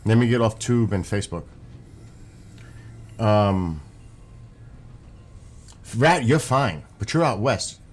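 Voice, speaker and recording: New York streamer guy, low-ish voice, rambling chatty delivery. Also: lively intonation, slow, pauses often. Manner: rambling, chatty, talks to viewers. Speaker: live streamer. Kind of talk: casual live-stream chat.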